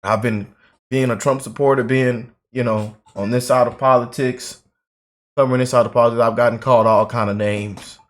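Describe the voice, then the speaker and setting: A man's voice: medium pitch, steady tone, normal speed. A man hosting a political commentary channel, emotional and repetitive, filling his talk with "man" and "you know".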